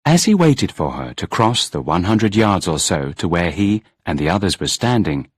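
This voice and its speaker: A man reads a storybook aloud in a measured, expressive way. His voice sits fairly low and has a husky, breathy grain, and his pitch moves a lot. The sound is close and dry, with no room. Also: no echo. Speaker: audiobook narrator. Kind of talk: scripted storybook narration.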